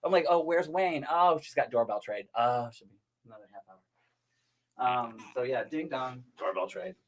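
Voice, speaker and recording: A man's voice: mid-range voice, moderate pace. A man chatting casually while doing makeup, telling stories and jokes with many fillers and restarts. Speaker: makeup artist guest. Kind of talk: casual chat.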